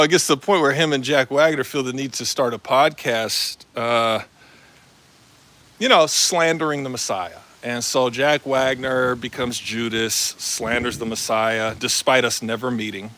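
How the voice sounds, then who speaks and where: Bright-voiced man rambling on a live stream. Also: medium pitch, unhurried, dry recording. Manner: rambling, filler-heavy, slangy. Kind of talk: casual live-stream monologue.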